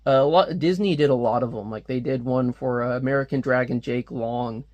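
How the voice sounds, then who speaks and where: A man's voice: mid-range voice, a little fast, darkish tone, no room sound, highs cut off. A man chatting casually as a comic reviewer, rambling with lots of fillers and frequent laughs. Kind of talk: casual commentary.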